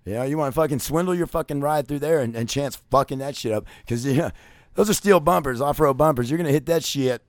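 A man telling a rambling, profane story, cursing constantly and padding his talk with "like" and "you know", swinging between loud ranting and low muttering. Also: fast talker, no room sound, studio quality. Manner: crude, swears constantly, many fillers like "you know". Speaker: vlogger.

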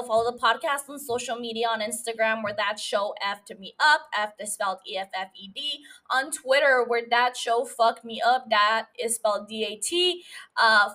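A woman's voice: a little high, bright, forceful tone. A woman hosting a casual solo recap podcast, emotional and profane as she tells the story. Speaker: podcast host.

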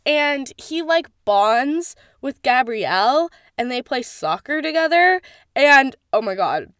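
Reviewing a show, this young woman speaks high-pitched at a slow pace, casually gushing with heavy use of "like" and the odd swear word. Her animated talk comes through dry and clean, with studio sound.

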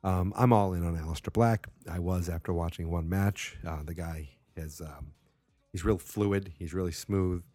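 A man with a low, mellow voice talks through a casual podcast, rambling and tired, dropping sarcastic, self-mocking asides. The sound is close and dry, with no room around it. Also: normal speed, dry recording, faint music behind. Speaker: podcast host.

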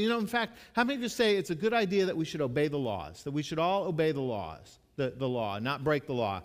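A male pastor preaching a sermon, swinging between loud rousing passages and soft hushed ones, joking with the congregation and asking for a show of hands. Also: mid-range voice, expressive, fairly quick. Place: church sanctuary. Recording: long reverb of a large hall.

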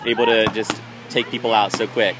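A man's voice: fairly low pitch, flat delivery, music in the background, low-quality recording. A man hosting a casual podcast outdoors at a summer camp, joking around and interviewing people as he walks. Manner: playful, joking, quick asides. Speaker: podcast host. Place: outdoors at a camp, lawnmowers and kids nearby.

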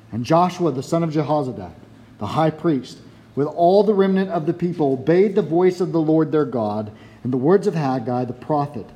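A man's voice: on the high side, mellow. A man preaching a sermon who reads scripture aloud, prays, then preaches. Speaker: pastor.

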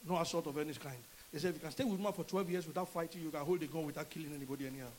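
High-voiced Nigerian pastor preaching. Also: male voice, racing, slight background noise, low-quality recording. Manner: animated preaching, acts out dialogue in changing voices. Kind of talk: sermon.

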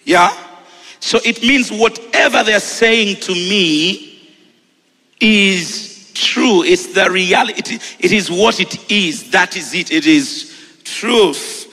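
A Ugandan man preaching a sermon, shouting and repeating phrases with exuberance, then settling into a relaxed storytelling tone. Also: sits high, takes it slowly, big-room sound, soft background music.

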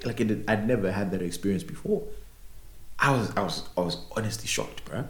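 A young man holds forth in a casual podcast chat, full of swearing and stumbling repeats. His voice sits low but leaps around with lively pitch. The room gives it a noticeable echo. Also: normal speed. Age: young adult. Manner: animated storyteller, swearing, many repeated words. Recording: roomy echo.

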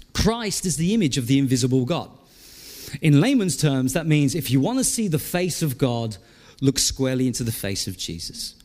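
A male pastor preaching a sermon in a conversational, animated way, asking the congregation questions. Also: fairly high pitch. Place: church.

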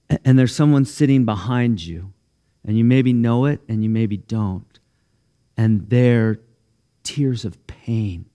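A man's voice: medium pitch, warm tone. A man pastor giving a sermon in a church in an easygoing, conversational way, often restarting phrases and growing emotional. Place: church sanctuary.

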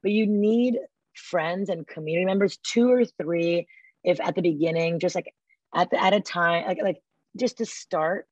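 A woman guest speaking on a podcast interview. She talks with enthusiasm and acts out little quotes in a lively way. Her voice sits a bit low and comes through a dull, dry remote line. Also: normal speed, no room sound. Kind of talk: casual interview talk.

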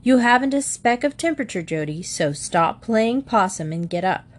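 A woman voicing a brisk, firm mother hurrying her children to school. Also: fairly high pitch, expressive. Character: brisk no-nonsense mother of five.

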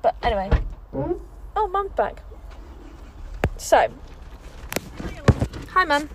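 Young English woman with a higher-pitched voice, recording a rambling podcast chat in a parked car. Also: extremely slow, noisy background. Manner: chatty and rambling, lively storytelling. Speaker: podcast host. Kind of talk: casual chat.

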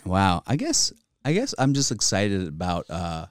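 Man, 40s, low voice, profane, animated storyteller, comedian guest, dry mic. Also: unhurried, no echo. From Virginia, United States. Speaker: comedian and actor, podcast guest. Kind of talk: casual podcast interview.

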